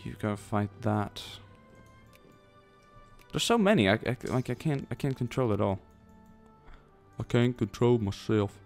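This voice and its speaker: A man with a fairly low voice talks through a strategy game, thinking aloud as he plays. He rambles and throws in jokey asides, with faint music playing under his voice. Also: sing-song, normal speed, creaky, pauses often. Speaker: let's play commentator. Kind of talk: casual gameplay commentary.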